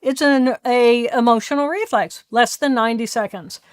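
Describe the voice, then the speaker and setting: High-pitched woman guest, expressive and emphatic, close dry mic. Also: normal speed, no echo. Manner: emphatic, expressive, often softens to a hushed voice. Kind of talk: podcast interview conversation.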